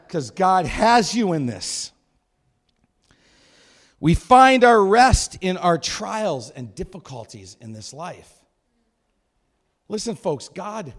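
High-voiced animated male preacher. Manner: animated, acts out voices and shouts. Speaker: pastor. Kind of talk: sermon.

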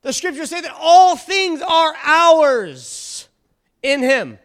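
Male preacher with a very high voice, fervent and exhorting, leading a church congregation. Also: lively intonation, slow, fairly bright tone. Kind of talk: sermon.

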